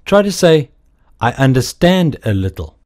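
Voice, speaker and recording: A man giving slow, deliberate, scripted narration as the narrator of a language course. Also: mid-range voice, big pitch swings, a little mellow.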